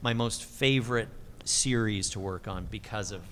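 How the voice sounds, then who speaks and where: A middle-aged man telling convention stories as a voice actor, full of energy and acting out every quote. His pitch leaps around, and a faint noise floor runs beneath him. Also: moderate pace, long reverb tail. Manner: animated, lively pitch swings, acts out quotes. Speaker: voice actor guest. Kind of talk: convention interview storytelling.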